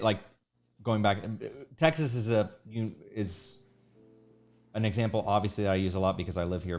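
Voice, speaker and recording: A man's voice: on the low side, a little mellow. A man hosting an art livestream, chatting in a rambling way, restarting his sentences and thanking viewers. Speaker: livestream artist host. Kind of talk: casual livestream chat.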